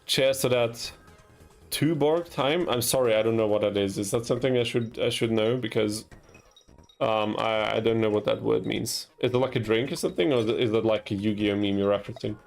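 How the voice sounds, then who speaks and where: Streaming a card game, a young man from Austria gives casual commentary to his chat, chuckling at himself and yelping when he slips up. His voice sits on the low side, brisk and marked by vocal fry, with faint music in the background.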